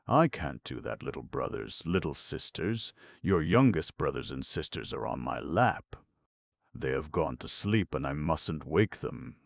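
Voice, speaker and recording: A man's voice: rumbling low, big pitch swings, a little slow, gravelly, no echo, studio quality, exaggerated voice. A man voicing a tender young woman coaxing frightened children with a story, in an audiobook reading. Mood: soothing. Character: gentle young woman soothing trapped children.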